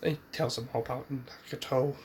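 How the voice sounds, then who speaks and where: A man's voice: medium pitch, steady tone, brisk, a little mellow, a little hiss or hum. A man casually retelling a fan-made story, rambling with restarts and asides.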